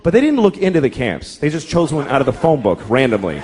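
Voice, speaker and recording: A middle-aged man doing stand-up comedy, profane and exasperated, jumping into quick acted-out characters. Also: mid-range voice, sing-song, a little mellow. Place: comedy club stage. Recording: live club set with audience laughter and noise. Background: audience laughter and room noise.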